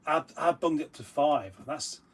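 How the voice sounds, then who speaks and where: Male co-host for a casual live stream: husky, a touch high, teasing, and prone to long rambles. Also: expressive, normal speed.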